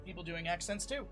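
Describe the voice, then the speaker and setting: A young man with a high-sitting voice gives laid-back commentary on a live esports tournament stream. He's chatty and rambling, full of filler words, and sounds slightly sleepy.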